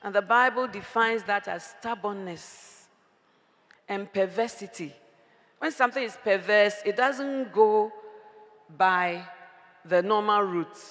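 A woman preacher, giving an animated, humorous sermon and often raising her voice to a shout. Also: medium pitch, slow pace, pauses often. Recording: long reverb of a large hall.

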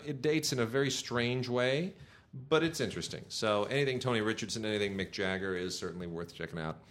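A man's voice: lowish voice, a bit bright. A middle-aged man co-hosting a casual talk show, enthusiastic and sarcastic, with lots of fillers and restarts. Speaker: podcast co-host reviewing home video releases. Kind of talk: casual chat.

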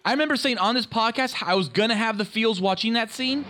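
A man co-hosting a casual podcast, excitable and rambling, swearing often. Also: very high-pitched, fast talker, very noisy. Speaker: podcast co-host.

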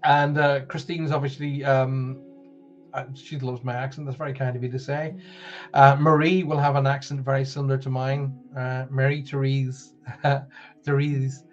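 Northern Irish male host, chatty and rambling, medium pitch, muffled stream audio. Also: flat delivery, normal speed, soft background music. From Northern Ireland. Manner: chatty, rambling, many fillers and restarts. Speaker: spiritual show host. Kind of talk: live-streamed chat show.

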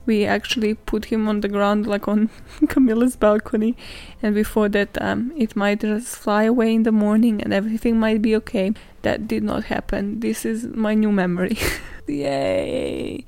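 A young woman hosting a podcast, telling stories in a casual, sweary, animated way and laughing often. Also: mid-range voice, normal speed, no room sound. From not British, lives in London. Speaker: podcast host. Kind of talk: casual chatty storytelling.

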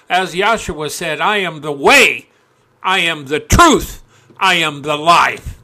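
A male preacher delivering a sermon, reading scripture aloud and breaking into folksy asides, climbing to loud, impassioned peaks. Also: on the high side, takes it slowly.

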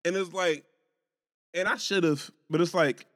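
Co-hosting a podcast, this young man relates a heated story in an animated, casual chat, swearing and frequently restarting his sentences with repeated words. His voice is high and his pace measured, on a dry recording.

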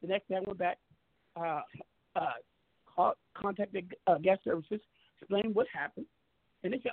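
A man's voice: high-pitched, normal speed, long pauses, no room sound, narrow, tinny audio. A man telling a heated story on a talk show, boastful, profane and emphatic.

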